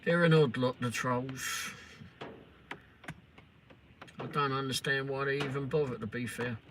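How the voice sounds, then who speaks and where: Slow-talking sarcastic English man. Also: medium pitch, steady tone. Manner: sarcastic, swears and teases trolls. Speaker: livestream host. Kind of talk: casual chat replying to live comments. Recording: noisy live stream audio.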